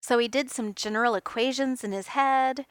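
A woman reading a fan fiction story aloud in an expressive, lively way. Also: fairly high pitch, normal speed, smooth, dry recording, clean studio sound. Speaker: reader.

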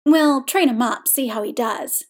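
Brief: brisk hockey coach man, read by a woman, plain and direct. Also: fairly high pitch, close to an everyday voice. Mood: matter-of-fact. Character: gruff adult male ice hockey coach.

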